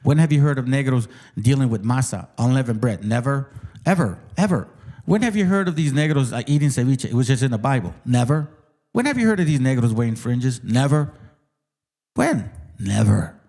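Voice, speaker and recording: Profane, mocking man ranting, dark voice. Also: mid-range voice, animated, fairly quick. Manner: repeats words for emphasis. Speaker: channel host. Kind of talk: heated casual rant to viewers.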